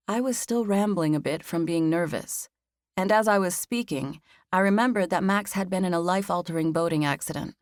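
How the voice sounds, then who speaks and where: A woman narrates a first-person audiobook into a close studio mic at normal speed, with no echo. Her delivery is expressive and lively, climbing high in pitch for the heroine's nervous dialogue.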